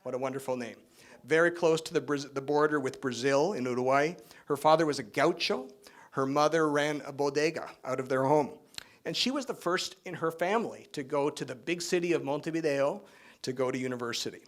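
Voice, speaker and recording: Middle-aged man giving a relaxed keynote. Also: a little high, a little fast. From Spain, raised in Canada. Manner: relaxed, conversational, joking asides; frequent fillers and tag questions. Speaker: keynote speaker. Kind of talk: speech at an awards event.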